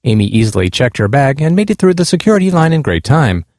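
A man earnestly reading aloud a personal essay about his blind parents' experiences, in a measured tone. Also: medium pitch, very animated, a little mellow, dry recording, clean studio sound. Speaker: speaker on disability awareness.

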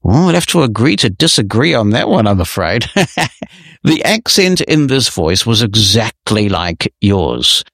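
A man's voice: on the low side, sing-song, measured pace, creaky, a bit bright, no room sound, studio quality. A man hosting a technology podcast, answering listener emails in a conversational, explanatory and lightly wry way. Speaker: podcast host.

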